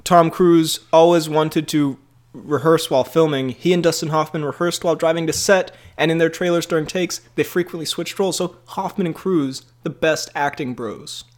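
A man's voice: fairly high pitch, steady tone, normal speed. A man co-hosting a casual movie podcast, rambling playfully and laughing often. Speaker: podcast co-host.

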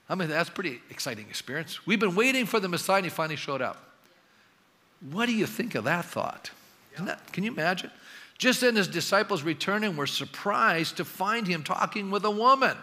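A man preaching a sermon as pastor, animated and reading scripture dialogue with emphasis. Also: high-pitched, brisk. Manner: animated, acts out the dialogue he reads with rising emphasis. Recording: long hall reverb.

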